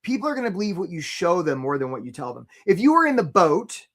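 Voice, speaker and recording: A man hosting a live career webinar, coaching casually with jokes and giving shout-outs to viewers by name. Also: high-pitched, fast talker. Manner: energetic and joking, breaks into short mocking impressions of job seekers.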